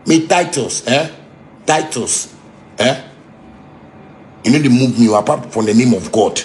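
A man with a Ghanaian Pidgin English accent ranting angrily, heated and repetitive, sometimes shouting. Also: medium pitch, unhurried, a little hiss or hum. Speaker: musician ranting on a livestream. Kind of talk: angry unscripted rant.

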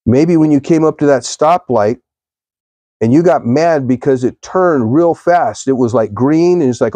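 Mellow, rambling male live streamer. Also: mid-range voice, measured pace, no room sound. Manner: rambling storytelling, addresses viewers. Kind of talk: devotional live stream talk.

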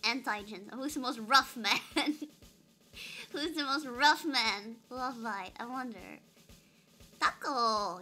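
A woman's voice: sits high, animated, measured pace, pauses often, sharp tone, faint music behind. A young woman streaming a game, chatting playfully with her chat and giggling often. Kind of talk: casual live-stream chat.

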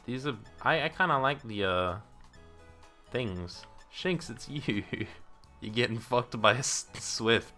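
A man streaming a game, talking casually to himself and viewers, swearing freely, laughing often and bursting into loud outrage. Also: mid-range voice, lively intonation, slow, faint music behind. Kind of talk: casual gameplay commentary.

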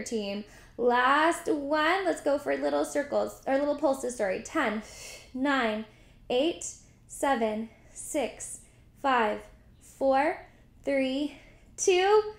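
A woman's voice: high-pitched, gravelly, roomy sound. Upbeat woman leading a pilates class. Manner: encouraging, counts reps aloud, chatty asides. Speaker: pilates instructor. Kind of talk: guided workout instruction.

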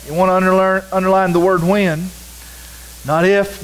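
A man's voice: sits high, flat delivery, moderate pace, low-quality recording. A man preaching a sermon as pastor, earnest and direct, repeating key words for emphasis.

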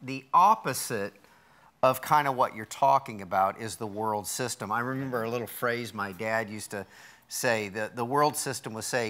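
A man's voice: medium pitch, moderate pace, a bit bright. A man hosting a live TV talk show, enthusiastic and full of exclamations. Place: TV studio with live audience. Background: faint audience.

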